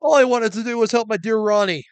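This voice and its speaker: A man's voice: high-pitched, quick pace, clear, resonant tone, voice pushed up, lightly acted. A man voicing a dramatic, devoted wife in a game, with a theatrical, swooning manner. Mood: pleading. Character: gushing devoted middle-aged wife, dramatic, easily offended.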